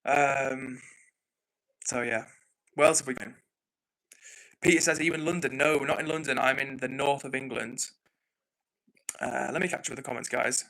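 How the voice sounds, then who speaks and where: A man's voice: medium pitch, fairly even intonation, moderate pace, long pauses, pushed and bright, low-quality recording. A man hosting a casual livestream, reading viewer comments aloud and chatting back in a rambling, apologetic way. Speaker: livestream host. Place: home in the north of England.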